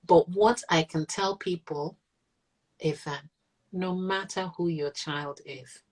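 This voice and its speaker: A woman's voice: fairly low pitch, takes it slowly, darkish tone, poor audio. A middle-aged woman, a mother, talking earnestly and reflectively in an interview. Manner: earnest, reflective, voices others in quotes. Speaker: guest, mother of an autistic child. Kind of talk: candid conversational interview.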